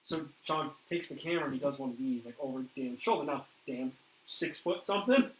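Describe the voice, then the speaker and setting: A man hosting a paranormal interview, telling a ghost story in a lively way and acting out what others said. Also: mid-range voice, a little fast. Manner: animated storyteller, acts out quoted dialogue. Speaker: paranormal investigator host. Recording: echoey room with faint noise.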